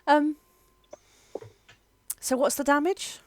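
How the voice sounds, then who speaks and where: A woman's voice: high voice, no room sound. A woman, running a tabletop game as game master in a chatty, laughing way. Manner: lively, chatty, quick to laugh.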